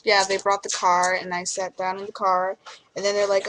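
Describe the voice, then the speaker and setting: A woman's voice: medium pitch, level tone, moderate pace, fairly bright tone. A woman in her twenties telling a rambling story to camera in a vlog, with many restarts. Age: 20s. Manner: chatty, acts out what others said. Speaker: vlogger.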